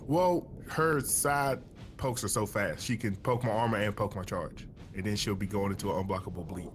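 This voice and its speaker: A man's voice: fairly low pitch, moderate pace, music in the background. A man joking and teasing through casual banter while playing a video game with a friend. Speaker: gaming co-host.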